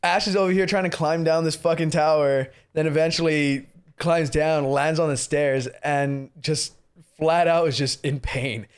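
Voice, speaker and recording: A young man co-hosting a casual podcast, ranting about a movie with lots of swearing and mimicking characters in squeaky voices. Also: normal speed, clear, resonant tone. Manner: profane, animated, mimics characters in high voices. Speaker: podcast co-host. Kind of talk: casual movie review chat.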